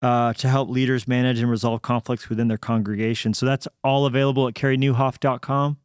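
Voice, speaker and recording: A man's voice: medium pitch, clear, resonant tone, no room sound, clean studio sound. Man co-hosting a casual podcast chat. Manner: storytelling, quick bursts when excited. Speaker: podcast co-host.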